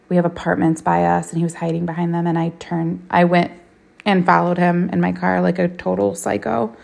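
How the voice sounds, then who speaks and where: A woman's voice: fairly low pitch, gravelly, a little mellow. A woman in her thirties hosting a solo podcast, talking candidly and bluntly with plenty of swearing. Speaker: podcast host.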